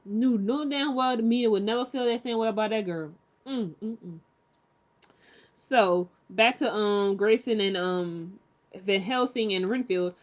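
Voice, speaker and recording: A woman's voice: mid-range voice, measured pace, dull audio. A woman giving a casual, rambling recap of a TV episode, full of fillers and restarts, now and then acting out the characters' lines. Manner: chatty and candid, acts out characters' lines. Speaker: TV show recap reviewer.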